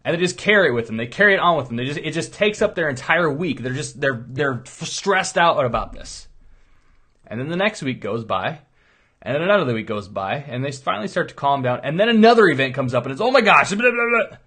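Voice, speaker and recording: A middle-aged chiropractor delivers a motivational monologue, rambling and earnest, told casually like a story. His mid-range voice is sing-song and a bit bright, moving a little fast.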